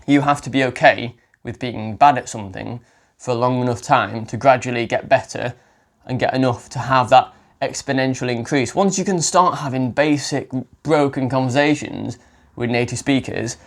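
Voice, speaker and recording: Chatty English language coach, man. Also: medium pitch. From England. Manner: chatty, self-correcting, with frequent restarts. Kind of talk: casual spoken advice to camera.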